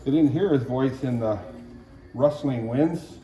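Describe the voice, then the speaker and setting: Slow-talking man, rambling devotional chat. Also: mid-range voice, mellow, low-quality recording. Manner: chatty and wandering, clears throat often, jokey asides. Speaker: vlogger sharing faith reflections.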